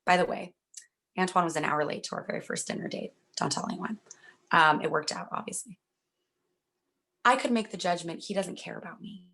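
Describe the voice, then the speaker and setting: Young woman speaker, reassuring and earnest, husky gravelly low voice. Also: normal speed, pauses often, fairly bright tone. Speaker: workshop speaker. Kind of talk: talk at a virtual event.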